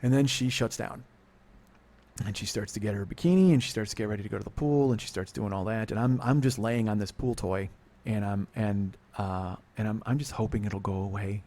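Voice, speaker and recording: A man in his forties hosting a comedy podcast, telling a confessional story in a profane, self-deprecating way that drops to low muttering and then bursts out loud. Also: fairly quick. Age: 40s. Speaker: podcast host.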